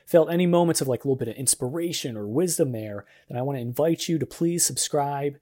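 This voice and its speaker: Casting note: young adult male podcast host, mid-pitched, earnest and encouraging devotional chat. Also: fast talker, mellow. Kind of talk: casual devotional podcast monologue.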